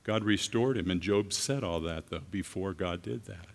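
A man preaching a sermon as a guest speaker, earnest and halting, with frequent restarts. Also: sits low, vocal fry. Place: church. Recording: long reverb of a large hall.

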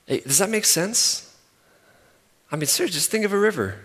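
A man in his thirties preaching a sermon, emphatic and repetitive, swinging from loud to soft. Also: high-pitched, animated, moderate pace, husky. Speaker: pastor. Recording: long hall reverb.

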